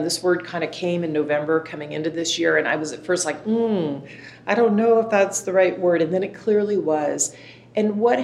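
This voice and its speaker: Earnest female interview guest, low voice, roomy recording. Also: a little mellow. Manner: earnest, reflective, measured. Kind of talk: interview answers. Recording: roomy with faint rumble.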